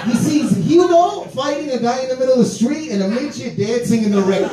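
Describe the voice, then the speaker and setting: A man with a high voice tells a rowdy comic story, swearing freely and laughing through his lines. He sits back from the mic, and the room adds a roomy echo. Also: fairly quick, recorded from a distance, a loud crowd. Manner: animated, profane, laughs through his words.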